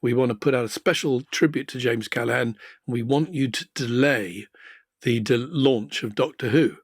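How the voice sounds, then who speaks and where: Older guy cohosting a tv podcast, husky, lots of ums and restarts. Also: mid-range voice, moderate pace, no room sound, clean studio sound. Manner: hesitant, many restarts and fillers. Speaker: co-host, former TV executive. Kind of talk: casual podcast chat.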